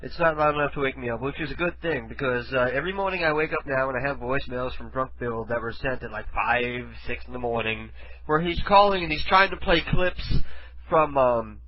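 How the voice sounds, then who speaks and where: A man's voice: mid-range voice, fairly quick, dull audio. A man hosting a radio show, chatting casually between prank calls in a rambling, crude, laughing way. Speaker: radio host.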